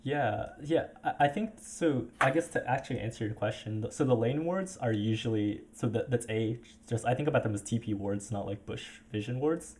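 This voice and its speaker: A man's voice: medium pitch, a little fast, few pauses, darkish tone, slight background noise. A man coaching a player over a voice call, talking casually with many fillers and restarts.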